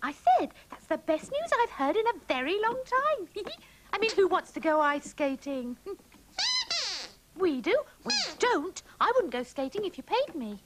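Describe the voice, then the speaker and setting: A woman's voice: very high voice, big pitch swings, a little slow, full character voice. A woman voicing a chatty, bossy young female panda puppet who giggles and schemes. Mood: chirpy scheming. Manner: sing-song, giggly, scheming. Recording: hissy old VHS tape.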